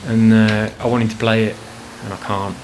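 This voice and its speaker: A man's voice: on the low side, little pitch movement, normal speed, a little mellow, a little hiss or hum. A man chatting casually over gameplay at home, rambling and swearing freely about his frustrations. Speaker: gaming channel host. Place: home apartment.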